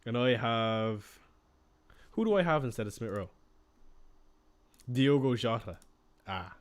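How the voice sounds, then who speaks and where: A young man hosts a casual live stream, talking loosely and answering viewers' questions as they come in. His voice sits at an ordinary middle pitch for a man. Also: animated, slow. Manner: chatty, reacting to viewer questions.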